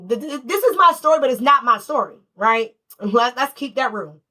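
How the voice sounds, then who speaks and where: Woman tarot reader, bright and forceful, fighting a cold, profane streetwise storyteller. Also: sits high, expressive, normal speed. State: has a cold. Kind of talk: casual collective tarot reading.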